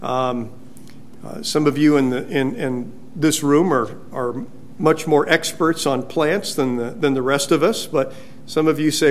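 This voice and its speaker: Halting, conversational male pastor. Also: a little high, slight background noise. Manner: conversational, halting with many restarts. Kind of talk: sermon. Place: church sanctuary.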